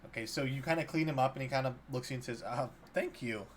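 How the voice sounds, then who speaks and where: A man narrating as dungeon master in a relaxed, hesitant way with many fillers. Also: medium pitch, rapid-fire, a little hiss or hum. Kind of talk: narrating a tabletop game.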